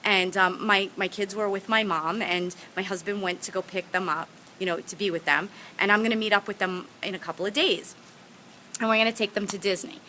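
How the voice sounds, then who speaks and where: A woman speaks straight to her viewers as a motivational speaker, sharing personal stories. Her voice is bright and forceful, and her delivery is earnest, heartfelt and encouraging. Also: medium pitch, steady tone, a little fast, slight background noise, low-quality recording. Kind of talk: personal storytelling to camera.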